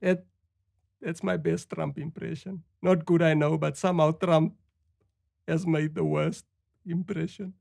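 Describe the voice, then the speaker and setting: A woman's voice: sits low, steady tone, a little slow, gravelly, a little mellow, dry recording, studio quality. A woman, playing a comedy news anchor who delivers a satirical news sketch with mock-newscaster timing.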